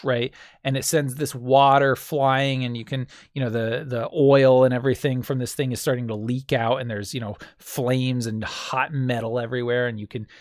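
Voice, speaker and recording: A man narrating a tabletop game as game master, painting scenes vividly and adding his own mouth sound effects. His voice sits at an everyday middle pitch. The recording is dry and close. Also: flat delivery, moderate pace, no echo.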